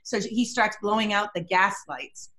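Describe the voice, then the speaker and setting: A woman's voice: mid-range voice, measured pace, a bit bright. A middle-aged woman, a body language expert, talking energetically and emphatically as a podcast guest. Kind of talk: podcast interview.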